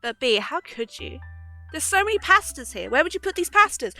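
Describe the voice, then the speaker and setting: Young female streamer, bright and animated, giggly and foul-mouthed, desk-mic home setup. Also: very high voice, a little fast, soft background music. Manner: giggly, swears freely, chats with viewers. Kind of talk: casual live-stream chat.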